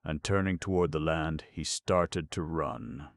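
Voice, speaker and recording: A man with an extremely deep, gravelly voice reads scripted audiobook narration in a steady, measured manner. The sound is close and dry, with no echo.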